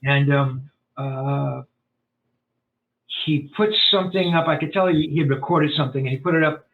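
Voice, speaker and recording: A man telling stories as a podcast guest in a rambling, animated way, full of fillers and restarts. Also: fairly high pitch, moderate pace. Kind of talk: storytelling in a casual interview. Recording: tinny phone-like line.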